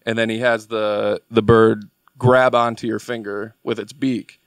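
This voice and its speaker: A man's voice: on the low side, little pitch movement, a little slow, no echo. A young man, a podcast guest, telling a long story in a rambling, casual way with lots of filler words. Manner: rambling, filler-heavy delivery.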